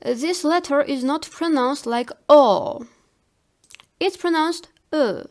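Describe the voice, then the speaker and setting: A woman teaching a language lesson, saying each example word slowly and carefully, often twice. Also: high-pitched, a little mellow. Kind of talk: slow scripted language lesson.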